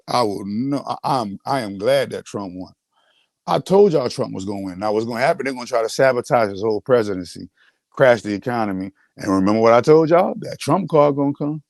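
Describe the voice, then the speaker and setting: A man's voice: mid-range voice, moderate pace, a little mellow, no echo. Man, boastful livestream rant, very dry sound. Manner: boastful, repetitive, restarts often. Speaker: host.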